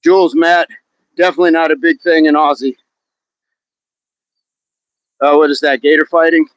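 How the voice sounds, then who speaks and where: On an outdoor fitness livestream, a man with a voice on the high side speaks in a steady tone at a moderate pace. He reads viewer comments, joking, chatting and laughing a lot. The sound is dull, dry and lo-fi, with no echo.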